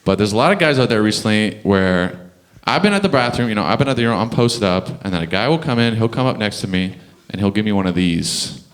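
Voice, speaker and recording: A young man from Canada performs stand-up in a club, his low voice swinging widely as he chats to the crowd. He chuckles through his own punchlines and keeps the talk loose and animated. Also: fast talker, few pauses. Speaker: stand-up comedian. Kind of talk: stand-up comedy set. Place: comedy club stage.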